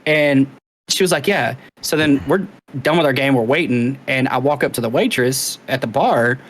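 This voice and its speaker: A man co-hosting a podcast, telling a story in casual chat with plenty of swearing and animated asides. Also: mid-range voice, normal speed. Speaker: podcast co-host.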